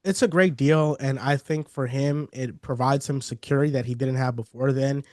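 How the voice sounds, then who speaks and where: A man co-hosting a casual sports podcast, explaining contract deals in a measured way. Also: mid-range voice, steady tone, darkish tone, dry recording, studio quality. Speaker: podcast co-host.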